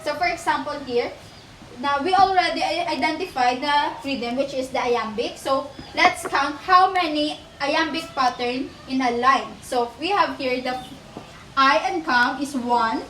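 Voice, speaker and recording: A woman teacher walks a class through a poem, counting stanzas and syllables aloud in a slow, patient way. Her voice sits high, and she sounds set back from the mic in an echoey room with faint noise behind. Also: fairly bright tone, far from the mic. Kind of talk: teaching demonstration lesson.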